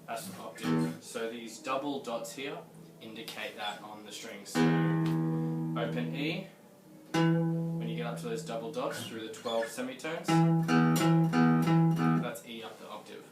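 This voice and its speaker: A man gives a patient guitar lesson, explaining scales and counting in each tempo. He sounds set back from the mic in an echoey room. A guitar rings out clearly around his voice. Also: mid-range voice, expressive, a little slow, long pauses. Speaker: guitar teacher. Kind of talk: video music lesson. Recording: roomy echo, distant mic, guitar.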